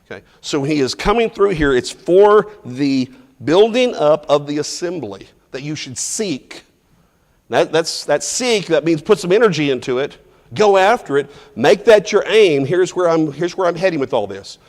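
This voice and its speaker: A man's voice: a little high, expressive, moderate pace. Man teaching Bible class in reverberant hall. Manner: informal, restarts phrases, asks the class questions and chuckles. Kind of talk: conversational verse-by-verse Bible teaching. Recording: long reverb from a large hall.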